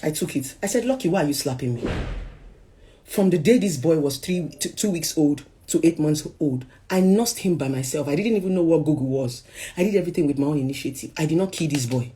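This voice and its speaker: A woman's voice: low voice, animated, brisk, slight background noise. Dramatic Nigerian woman telling her story. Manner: dramatic storytelling, swinging from hushed to loud. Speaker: speaker sharing a personal story. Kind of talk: emotional personal testimony.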